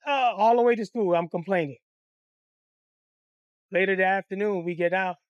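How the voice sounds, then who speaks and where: Brief: crude, animated male storyteller from Detroit, dry sound. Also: high-pitched, moderate pace, clean tone, no echo, muffled recording. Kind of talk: comic storytime.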